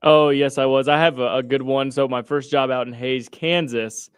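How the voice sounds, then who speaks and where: A young man with a smooth, resonant voice co-hosts a sports radio show. He speaks earnestly and stumbles into frequent restarts. His American accent comes through close and dry. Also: mid-range voice, steady tone, no echo. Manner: halting, restarts often, earnest. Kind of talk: casual sports talk radio.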